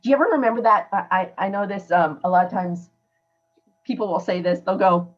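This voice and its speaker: Speaking fairly quickly at medium pitch, a woman hosts a podcast full of sincere, forceful advice delivered conversationally, like informal coaching. The audio has its highs cut off.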